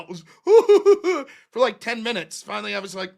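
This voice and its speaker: A middle-aged American man hosts a late-night stream and tells an embarrassing story in a loose, profane way, laughing as he goes. His voice is bright and his pitch swings widely. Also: normal speed, vocal fry, hardly any pauses. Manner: profane, animated, laughs often. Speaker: livestream host. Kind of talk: casual storytelling.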